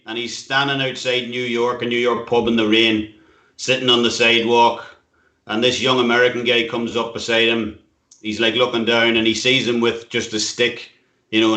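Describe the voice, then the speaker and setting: A man's voice: medium pitch, pushed and bright, echoey room. A man on a soccer show, easygoing as he tells a joke to his co-hosts. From Ireland. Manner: easygoing storyteller. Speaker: soccer panelist. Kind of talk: telling a joke.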